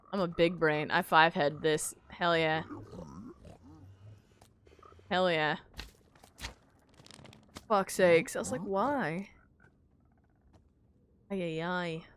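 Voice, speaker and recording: A woman's voice: mid-range voice, bright, forceful tone, clear, resonant tone. A woman streaming a game, chatting to herself and her viewers as she builds, mocking her own mistakes. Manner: self-mocking, talks to herself while building. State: hiccups. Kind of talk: casual gameplay commentary.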